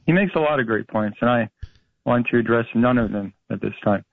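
A man's voice: mid-range voice, brisk, vocal fry, no room sound. A man from Florida phones in with wry jokes, full of uhs and restarts. His voice comes through a thin, dry phone line. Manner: joking, hesitant with fillers. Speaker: caller. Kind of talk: call-in radio chat.

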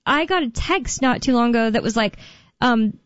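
A woman's voice: on the high side, expressive, moderate pace, no echo, muffled recording. A young woman co-hosting a talk radio show, chatting casually with lots of fillers and restarts. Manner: rambling, filler-heavy, self-correcting. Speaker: radio co-host.

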